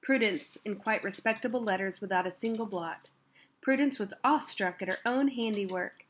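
Female reader, amateur audiobook, unhurried, faint background noise. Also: medium pitch. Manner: unhurried, with casual asides. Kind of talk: reading a novel aloud.

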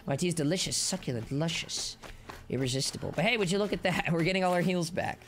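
High gravelly-voiced excitable male streamer. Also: quick pace, a little hiss or hum. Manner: excitable, playful, rambling, chats to viewers. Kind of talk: live gameplay commentary.

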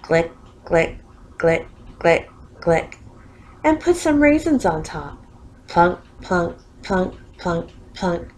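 A woman reading a children's story aloud, animated and playful with sound effects. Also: on the low side, takes it slowly, pauses often, rough recording.

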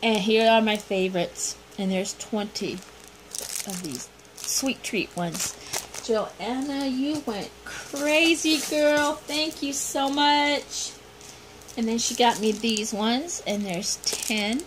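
A woman's voice: a little high, slow, low-quality recording. A middle-aged woman unboxing gifts from a swap, gushing and gasping over every item as she talks. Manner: gushing, gasping, repeats exclamations. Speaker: vlogger unboxing a gift swap. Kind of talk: excited unboxing chat. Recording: noticeable background noise.

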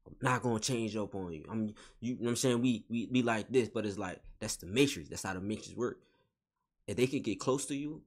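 A man giving a spiritual motivational monologue in casual slangy talk, repeating and restating each phrase with emphasis. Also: lowish voice. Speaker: vlogger.

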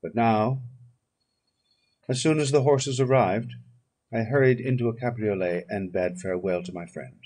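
Husky man reading an audiobook. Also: lowish voice, darkish tone. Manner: measured, solemn reading. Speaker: audiobook reader. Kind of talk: audiobook narration.

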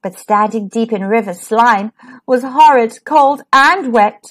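A woman reading a rhyming children's picture book aloud, expressive and sing-song. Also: a little high, measured pace. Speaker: children's storyteller.

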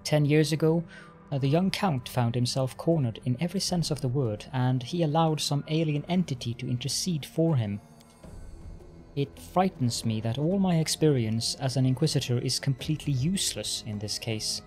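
A man's voice: medium pitch, a little mellow, soft background music, lightly acted. A man voicing a shaken, stammering old inquisitor. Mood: grave. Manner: halting, stammers over words. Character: shaken older male inquisitor, grave and careful.

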